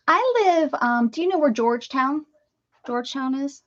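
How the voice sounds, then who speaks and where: A woman's voice: high voice, lively intonation, normal speed, muffled recording. A woman from the Pittsburgh area hosting a crafting live stream, chatting casually and greeting viewers by name as she works.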